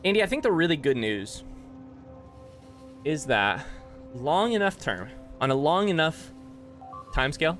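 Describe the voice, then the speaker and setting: A man's voice: a little high, sing-song, a little slow, pauses often, a bit bright, soft background music. A man streaming a game, winded after push-ups, thanking viewers by name and rambling through his thoughts in casual chat. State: out of breath.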